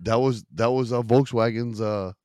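A man co-hosting a podcast in relaxed casual chat, swearing freely and laughing often. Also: medium pitch, moderate pace. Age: adult parent. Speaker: podcast co-host.

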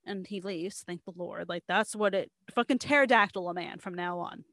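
A woman telling a story in casual chat, full of "like" and acted-out quotes from the people in it. Her voice sits at an ordinary pitch and sounds close and dry, with no room around it. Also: moderate pace, no room sound. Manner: animated storytelling, quoting others, frequent "like".

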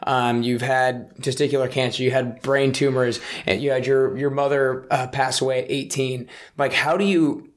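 A young man hosting a relaxed interview, speaking at an ordinary male pitch. He keeps his guest going with quick, encouraging affirmations and then asks his questions. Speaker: podcast host. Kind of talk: casual interview.

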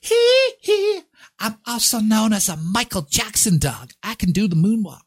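A squealing falsetto pop-star dog. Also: male voice, animated, normal speed, breathy edge. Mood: showy.

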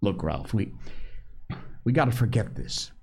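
A man voicing an anxious, stubborn schoolboy who stammers and pleads in rough, working-class speech. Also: fairly low pitch, very animated, unhurried, a little mellow, exaggerated voice. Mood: pleading.

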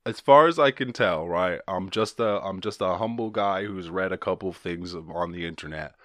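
Rambling low-voiced man on a solo podcast. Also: normal speed, a bit bright, no room sound, clean studio sound. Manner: rambling, swears casually, many restarts. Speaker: podcast host.

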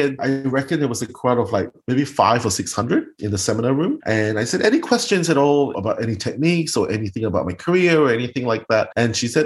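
A man's voice: mid-range voice, animated, a little fast, few pauses. A man, a makeup artist guest telling stories dramatically and acting out what people said. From Singapore. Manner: dramatic, acts out quotes in voices. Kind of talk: animated storytelling interview.

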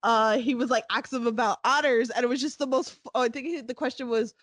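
A woman with a fairly high voice chats on a podcast as a guest. She is bubbly and gushing, piles on "like"s as she tells her stories, and sounds dry and close to the mic with no room sound. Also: steady tone, fast talker, no room sound. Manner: bubbly, gushing storyteller with many "like"s. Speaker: podcast host, guest on another podcast. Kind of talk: casual podcast chat.

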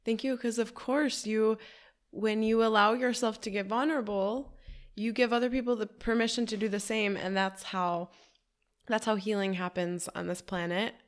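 A woman who runs healing events, speaking gently and slowly in an affirming, supportive way on a podcast. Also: medium pitch, steady tone. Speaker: retreat facilitator. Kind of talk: podcast conversation.

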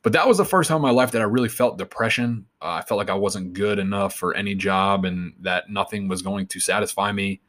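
A man's voice: fairly low pitch, fairly quick, hardly any pauses, fairly bright tone. Profane, rambling man telling a story. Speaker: interview guest. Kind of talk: casual storytelling.

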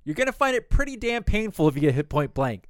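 A man reading out the lines of a determined young male swordsman in close to his own quick, crisp voice. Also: sits high, sing-song, no room sound, voice pushed up. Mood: resolute. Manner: read-out quotes, near his own voice.

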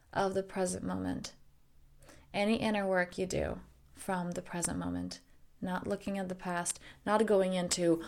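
A woman's voice: lowish voice, gravelly, darkish tone. A woman life coach talking to listeners in an earnest, direct way, with the odd swear word. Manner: earnest, direct, mildly profane. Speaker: life coach and podcast host. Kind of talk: casual spoken monologue.

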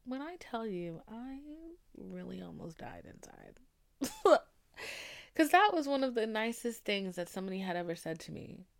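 A young woman hosting a podcast, talking candidly and emotionally, dropping to soft murmurs and rising to loud emphasis, with casual swearing. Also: a little high, animated, moderate pace. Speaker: podcast host. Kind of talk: candid personal talk.

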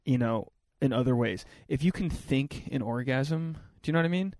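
A man's voice: medium pitch, normal speed, darkish tone, no room sound, studio quality. A young man hosting a podcast, joking crudely and rambling in casual banter. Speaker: podcast host.

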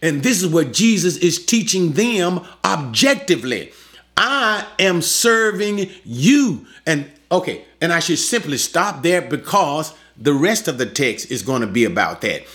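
A man's voice: a little high, lively intonation, moderate pace, few pauses, fairly bright tone. A man teaching a Bible passage verse by verse, often repeating and restating his phrases and asking rhetorical questions.

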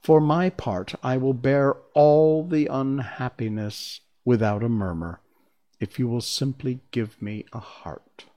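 Man doing a soft, earnest storybook tin man, slow delivery. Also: mid-range voice, natural voice. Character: man of tin longing for a heart, gentle.

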